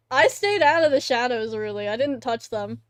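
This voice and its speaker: A woman's voice: a little high, expressive, measured pace, no echo. Giggly woman teasing, close dry sound. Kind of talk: casual chat while streaming.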